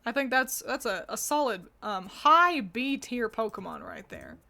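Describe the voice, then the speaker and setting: A woman with a somewhat high voice talks through her picks in a relaxed, opinionated way. She is chatty and animated, and leans on filler words as she thinks aloud. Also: measured pace, creaky. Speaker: video host ranking designs. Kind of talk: casual opinionated commentary.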